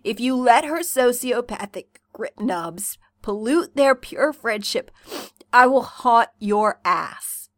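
A woman voicing a sick, cranky young male troll who rants melodramatically, coughing and hoarse, in a fan fiction reading. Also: a little high, lively intonation, slow pace, dry recording, clean studio sound. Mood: ranting. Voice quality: coughing, raspy. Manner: melodramatic ranting.

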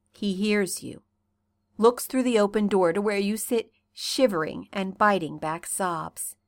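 A woman reading a second-person fan fiction story in an intimate, unhurried way. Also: mid-range voice, no room sound. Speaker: reader.

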